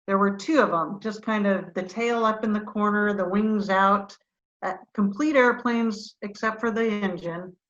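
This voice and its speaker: A middle-aged woman, a retired fighter pilot, telling animated, self-deprecating stories as a guest in a video-call interview. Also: mid-range voice, a little slow, muffled recording.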